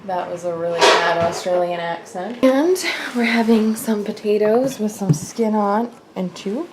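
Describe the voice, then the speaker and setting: A woman's voice: mid-range voice, measured pace, faint music behind, rough recording. A young woman chatting casually through her daily vlog in her home kitchen, rambling and laughing often. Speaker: vlogger.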